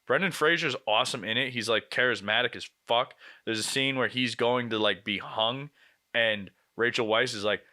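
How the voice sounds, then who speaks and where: A young man hosting a casual movie recap vlog, blunt and swearing freely, with quick asides. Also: medium pitch, bright, forceful tone. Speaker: movie reviewer host.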